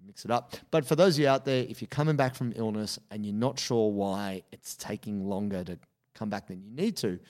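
A man in casual podcast chat, his voice sitting a little low. He tells a story with energy and acts out the quoted lines as he goes. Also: brisk, a little mellow. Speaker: podcast co-host.

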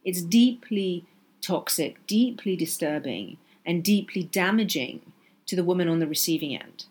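With a husky, darkish, lowish voice, this solo podcast host talks animatedly at a moderate pace. She comes across as earnest and passionate, repeating points for emphasis.

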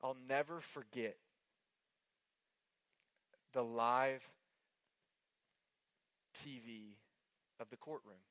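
Bright-voiced earnest male preacher. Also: mid-range voice, extremely slow, pauses often, no room sound. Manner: earnest, emphatic preaching with repeated phrases; swings between hushed and impassioned delivery. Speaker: pastor. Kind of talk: sermon.

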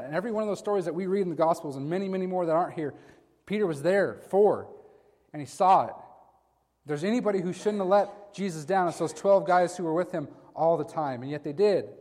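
A man's voice: a little high, fast talker, darkish tone. A man preaching a sermon in a conversational way, talking to his listeners as guys. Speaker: pastor. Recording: long hall reverb.

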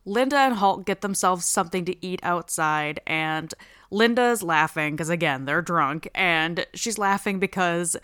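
Bright-voiced woman doing a crude comedy recap. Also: fairly low pitch, unhurried, clear, resonant tone. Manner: casual, crude, joking. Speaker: show recap host.

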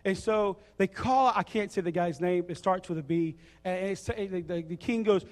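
A man preaching a sermon, joking and acting out a story in a casual, animated way. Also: high voice, moderate pace. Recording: reverberant hall.

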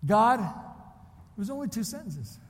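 A man from Illinois preaching a sermon at a missions convention, moving between quiet, emotional storytelling and fervent, rising exhortation. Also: high voice, expressive, moderate pace, big-room sound. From Illinois, USA.

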